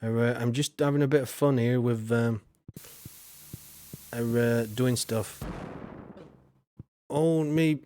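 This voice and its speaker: A man's voice: medium pitch, steady tone, slow pace, long pauses, mellow, slight background noise. A man streaming a farming game, rambling casually and greeting viewers by name. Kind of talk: casual gameplay commentary.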